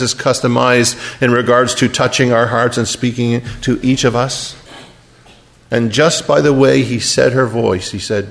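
A man preaching a sermon and retelling a scripture story, dropping to a hush and then rising to emphatic peaks. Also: medium pitch, vocal fry. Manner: storytelling, wide swings from hushed to emphatic.

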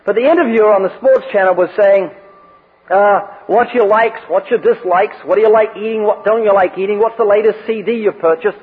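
A high-pitched man delivers a sermon, mixing scripture readings with light, joking stories. His voice is husky and comes through a thin, phone-like radio broadcast that trails off in a long reverb. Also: fairly quick. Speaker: preacher.

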